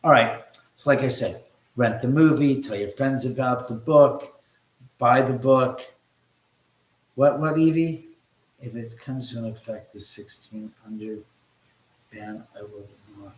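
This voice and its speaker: A man's voice: mid-range voice, unhurried. A middle-aged man hosting a casual livestream from his house, chatting and joking with viewers and cursing freely as he reads their comments. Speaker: livestream host. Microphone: phone. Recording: echoey room.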